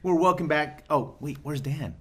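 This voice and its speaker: A man's voice: a little high, normal speed, a bit bright, slightly rough. A man hosting a casual movie podcast, joking with his co-hosts and steering the talk. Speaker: podcast host. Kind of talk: casual chat.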